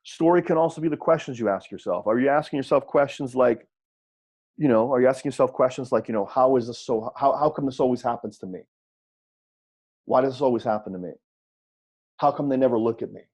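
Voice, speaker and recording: A man giving an audio coaching seminar, repeating his points and checking in with listeners through quick rhetorical questions. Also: medium pitch, a little mellow, husky. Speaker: wrestling coach.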